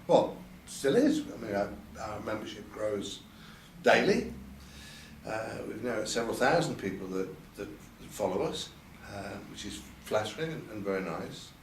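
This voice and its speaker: A man's voice: lowish voice, very animated, moderate pace, slight background noise. Older man, candid interview, hesitant restarts, echoey room, faint background ambience. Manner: hesitant, repeats words, quotes others in a lifted voice. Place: event venue. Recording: roomy sound from a distant mic, faint ambience.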